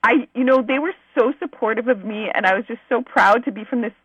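Bubbly woman musician guest, kinda husky, high-ish, dry muffled phone sound. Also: brisk, no room sound. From Manitoba, Canada. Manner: effusive, bubbly storytelling. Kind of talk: casual interview chat.

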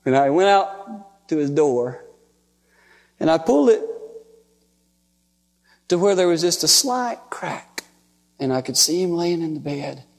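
A man preaching, telling a personal story in a folksy, emotional, animated way. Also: on the high side, unhurried, vocal fry, pauses often. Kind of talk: sermon storytelling. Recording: long hall reverb.

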